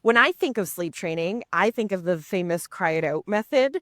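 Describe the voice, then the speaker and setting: A relaxed woman hosts a casual podcast interview, speaking at a moderate pace in a fairly low voice. The recording is dry, with a clean studio sound.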